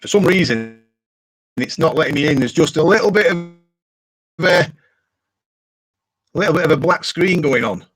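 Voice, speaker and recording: British male live-stream host, relaxed chat, reads viewer comments on air. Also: fairly high pitch, normal speed, long pauses, slightly rough. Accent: British English. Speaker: livestream host.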